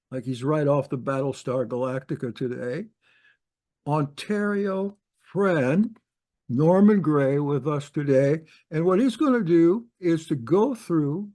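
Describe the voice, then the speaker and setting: A male host introduces a guest at a slow, easy pace. His voice sits a little high, and he praises freely with the odd um. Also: darkish tone. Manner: unhurried, praising, with some ums.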